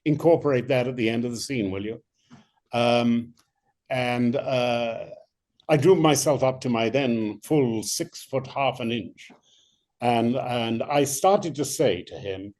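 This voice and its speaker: Older guy telling showbiz stories in an interview, lively and halting, mid-pitch voice. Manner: animated storyteller, many restarts. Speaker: actor guest. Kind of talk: interview anecdotes.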